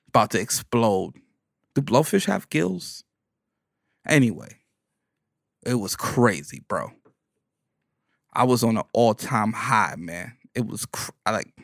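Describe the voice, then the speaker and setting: Animated, profane Bronx storyteller. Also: male voice, mid-range voice, no room sound, studio quality. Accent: New York Bronx. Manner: animated, profane, slangy, riffing on his own jokes. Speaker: stand-up comedian. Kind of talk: comedic storytelling monologue.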